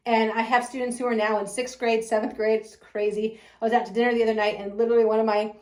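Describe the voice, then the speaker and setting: Gushing, high-voiced preschool teacher woman. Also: flat delivery, quick pace, darkish tone, reverberant. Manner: effusive, gushing, laughs often. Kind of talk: enthusiastic promotional talk.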